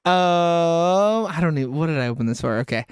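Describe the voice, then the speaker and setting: A man's voice: a little high, animated, normal speed, clean tone, no room sound, clean studio sound. A man hosting a casual movie review podcast, laughing often and swearing freely as he asks the questions.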